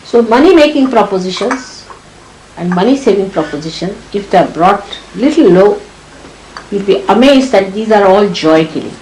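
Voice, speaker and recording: An Indian woman speaks to her followers in a sermon with a scolding, exasperated edge. Her pitch sits in a middle range. The old archival recording carries a faint hiss beneath her voice. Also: moderate pace, low-quality recording. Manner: scolding, exasperated, lively swings. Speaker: spiritual teacher. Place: hall. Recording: archival 1983 talk with faint background noise.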